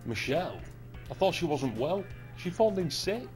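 An actor playing a grumpy, foul-mouthed young video shop clerk who mutters sarcastically. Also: male voice, fairly high pitch, sing-song, moderate pace, faint music behind.

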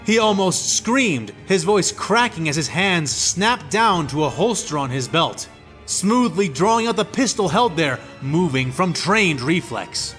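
A man narrating a fan fiction audiobook in a steady, descriptive storytelling manner. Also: on the high side, unhurried, faint music behind.

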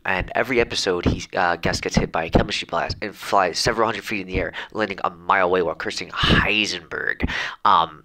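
Cocky guy trolling, low gravelly voice, kinda sharp edge, rambles a lot. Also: rough recording. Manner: brash, boastful, rambling with many fillers. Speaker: comedic YouTuber reading comments. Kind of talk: trolling comedic rant.

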